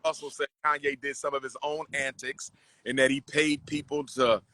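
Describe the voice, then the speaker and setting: Bright-voiced man, preachy street talk. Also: mid-range voice, moderate pace. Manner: animated, preachy exhortation. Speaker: host. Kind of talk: casual street conversation.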